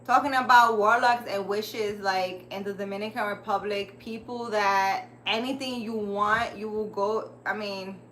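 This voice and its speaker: A woman's voice: mid-range voice, bright, forceful tone, slight background noise. A woman hosting a casual livestream, rambling and chatty as she talks straight to her viewers. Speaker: livestream host.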